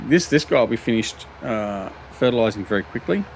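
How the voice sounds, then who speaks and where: Gravelly Australian man rambling over gameplay. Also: mid-range voice, animated, a little fast, a little hiss or hum. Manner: rambling, many ums and restarts, self-mocking. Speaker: gaming channel host. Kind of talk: casual gameplay commentary.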